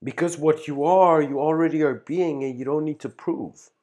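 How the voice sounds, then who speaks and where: A man's voice: on the high side, fairly even intonation, moderate pace, a little mellow. A man giving a livestreamed spiritual lecture, telling a story in a rambling way with many restarts and "you know"s.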